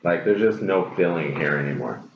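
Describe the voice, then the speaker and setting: A man with a very low voice gives a casual tarot reading, blunt and profane, hammering his points by saying them again. The sound is dull and lo-fi, in a roomy space with a clear hiss underneath. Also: expressive, normal speed. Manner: blunt and profane, repeats phrases for emphasis. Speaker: tarot reader.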